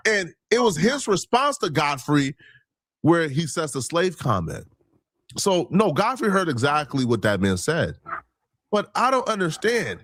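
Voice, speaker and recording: A man's voice: fairly high pitch, sing-song, unhurried, a bit bright. A man hosting a reaction commentary, laying out his argument point by point in an indignant, emphatic tone. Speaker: commentary channel host.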